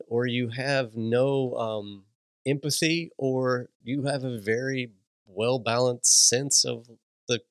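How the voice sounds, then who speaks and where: A man hosting a podcast, telling a casual story with animated delivery, frequent laughs and many restarts. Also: medium pitch, no echo. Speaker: podcast host.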